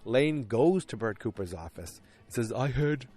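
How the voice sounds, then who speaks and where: A man's voice: fairly low pitch, lively intonation, moderate pace, mellow, husky. A man hosting a podcast, casually recapping an episode in a rambling, self-deprecating way with many fillers. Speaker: podcast host.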